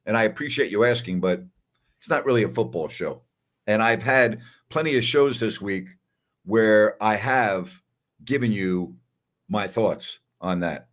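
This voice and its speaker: A man's voice: on the low side, measured pace. A man with a New York accent hosting a casual postgame show, who reads viewer comments and makes his point emphatically with repeated tag questions. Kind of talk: casual livestream chat, reading viewer comments.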